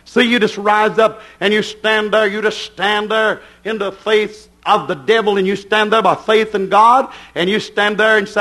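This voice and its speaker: A middle-aged man preaching a fervent sermon, swinging from quick asides to slow, shouted declarations. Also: high voice.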